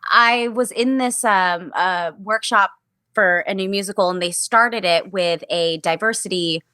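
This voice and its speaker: Woman stage actress chatting as a guest, earnest, thinks out loud, bright tone, dry close sound. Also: medium pitch, unhurried, clear, resonant tone, dry recording. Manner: earnest, reflective, with restarts. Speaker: musical theater actress, guest. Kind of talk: candid casual conversation.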